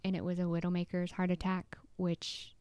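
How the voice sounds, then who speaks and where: A woman energy healer, a podcast guest, telling a personal story in an animated way and tagging lines with "right?". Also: on the low side, normal speed, clean tone, dry recording. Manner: animated, acts out quotes, frequent "right?".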